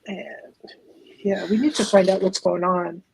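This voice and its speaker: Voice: medium pitch, fairly even intonation, unhurried, gravelly, darkish tone, slightly rough, low-quality recording. A tabletop game player thinking aloud earnestly about what to do next.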